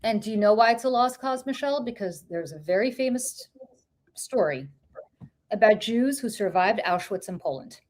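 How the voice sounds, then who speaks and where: A woman's voice: mid-range voice, lively intonation, moderate pace, a little mellow. A woman co-hosting a political podcast, ranting with passion, swearing and firing off rhetorical questions. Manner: impassioned, profane, rhetorical questions. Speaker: podcast co-host. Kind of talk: heated political commentary.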